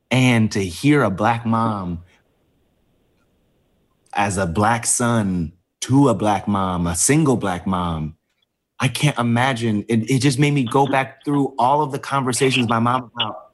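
A man being interviewed, telling a personal story with many pauses and fillers as he fights back tears. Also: mid-range voice. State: emotional, close to tears. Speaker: interview guest.

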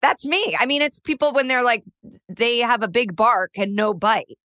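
A woman's voice: fairly high pitch, moderate pace, pushed and bright, dry recording, clean studio sound. A woman co-hosting a casual chat, talking in a chatty, self-mocking way. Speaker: podcast co-host.

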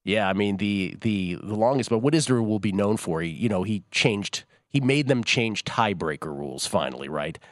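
A man's voice: on the low side, lively intonation, normal speed, few pauses, no echo, clean studio sound. A man hosting a sports betting talk show, chatting casually in a rambling, jokey way that keeps interrupting itself.

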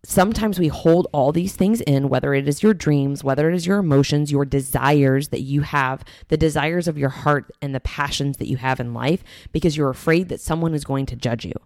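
A woman in her thirties co-hosts a casual podcast, speaking as a fitness coach with a candid, emphatic drive. Her voice sits low, and the sound is dry and close with no room around it. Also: fairly quick, hardly any pauses, a little mellow, no room sound.

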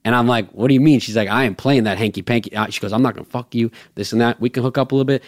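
A man's voice: medium pitch, rapid-fire. Profane young man telling a wild story. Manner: profane, rambling, animated storyteller. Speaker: podcast host. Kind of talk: casual storytelling chat.

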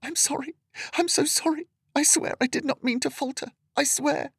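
A man voicing a frightened, devout young village woman with a thin, raspy voice, pleading in a panic. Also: high voice, unhurried, a bit bright, dry recording, clean studio sound, voice pushed up, full character voice. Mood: panicked pleading. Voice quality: thin rasp.

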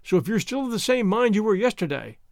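Bustling, chatty storybook hostess voiced by a man, high and lively, close and dry. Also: vocal fry, no room sound, exaggerated voice. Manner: brisk, fussy, talks over everyone. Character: bustling, chatty middle-aged woman hostess. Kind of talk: audiobook character reading.

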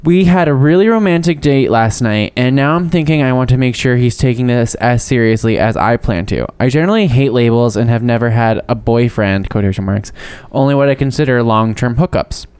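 A man co-hosting a podcast in casual chat, reading listener letters and an ad, animated and playful, laughing often. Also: medium pitch, brisk, few pauses, clean tone. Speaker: podcast co-host.

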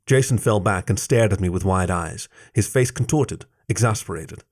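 A man narrating a first-person story aloud in a measured, soft-spoken reading. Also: low voice. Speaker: story reader.

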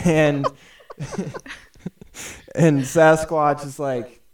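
A man's voice: mid-range voice, extremely slow, long pauses, a little mellow, smooth. A man hosting a podcast, improvising a silly story with friends and laughing along. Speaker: podcast host.

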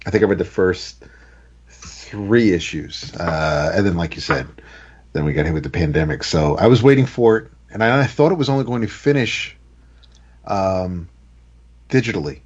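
A man's voice: deep voice, lively intonation, normal speed, husky. A man chatting casually about comic books on a podcast, hesitant and full of fillers. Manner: hesitant, filler-heavy, trailing off. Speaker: podcast co-host. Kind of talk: casual comic book chat. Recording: dull lo-fi audio.

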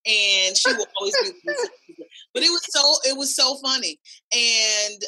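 A woman hosting a podcast, telling animated, profane stories in casual chat. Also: high-pitched, normal speed, rough recording. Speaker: podcast host; cheerleading coach.

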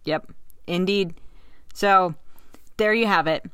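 A woman's voice: on the low side, takes it slowly, fairly bright tone, clean tone, no echo, studio quality. A woman hosting a casual podcast, telling a story in a wry way and laughing often.

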